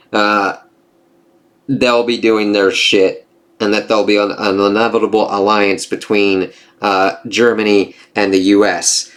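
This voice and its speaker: A man's voice: lowish voice, fairly bright tone. Casual, profane male comic reviewer. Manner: profane, reads dialogue aloud with quick reactions.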